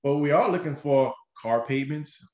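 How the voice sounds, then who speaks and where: A man, a mortgage lender hosting a radio show, explaining loans step by step in an energetic, conversational way, often checking in with "right?". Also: fairly high pitch, moderate pace, echoey room. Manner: energetic, explains things step by step, keeps tagging lines with "right?".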